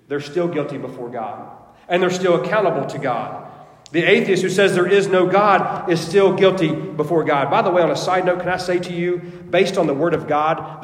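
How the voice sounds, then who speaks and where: Pastor guy preaching hard, kinda high voice, repeats himself for emphasis, big echoey church sound. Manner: emphatic, repetitive preaching cadence. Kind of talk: preaching a sermon. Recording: echoey hall with long reverb.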